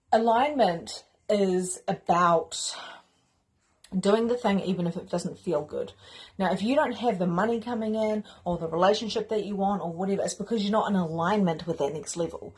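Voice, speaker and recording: A woman spiritual mentor with a husky, medium-pitched voice hosts a course. Her motivational teaching talk is energetic and emphatic, delivered casually with plenty of repetition.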